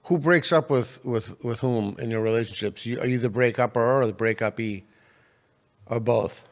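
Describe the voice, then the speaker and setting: A man hosting a podcast conversation, asking probing questions in a measured way. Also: mid-range voice. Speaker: podcast host. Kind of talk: casual conversation.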